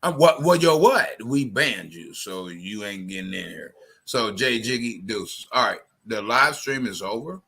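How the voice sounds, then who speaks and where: A man's voice: on the low side, lively intonation, a little slow, creaky, fairly bright tone, slightly rough. A man hosting a call-in live stream, confrontational and profane, often repeating his phrases.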